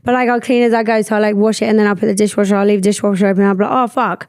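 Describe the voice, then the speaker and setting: A young woman hosting a podcast, talking in a rambling, animated way and swearing freely. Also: medium pitch, very fast, dry recording, clean studio sound. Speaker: podcast host. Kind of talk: casual chat.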